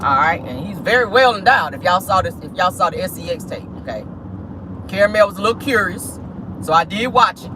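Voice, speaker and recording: A celebrity gossip vlogger chatting casually from inside a car. The talk is animated and sassy, full of exclamations and crude slang. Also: medium pitch, normal speed, background noise.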